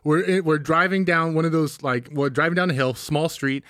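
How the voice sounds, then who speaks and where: A young man co-hosting a casual podcast, telling stories in an animated way with plenty of swearing. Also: fairly high pitch, no room sound, studio quality. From Northern California. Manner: animated, swearing, quick storytelling. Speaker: podcast co-host. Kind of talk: casual chat about a film.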